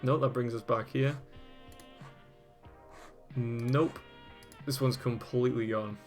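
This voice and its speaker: Male host, casual amused commentary, mid-pitched voice, soft music underneath. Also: steady tone, takes it slowly. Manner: amused, laughs often, swears casually. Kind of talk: casual commentary while browsing and reading web pages aloud.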